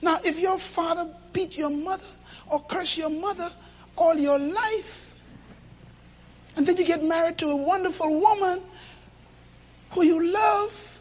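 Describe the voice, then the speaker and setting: Male preacher, high-pitched, delivering a punchy sermon with loud bursts and quiet asides. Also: a little slow, pauses often. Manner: animated and emphatic, swinging between loud bursts and low asides. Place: church with a congregation.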